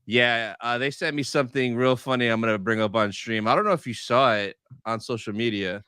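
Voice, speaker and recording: Man, live-stream co-host, upbeat chat greetings, bright smooth voice. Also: mid-range voice, fairly quick, no room sound, clean studio sound. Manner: upbeat, rattles off greetings to viewers.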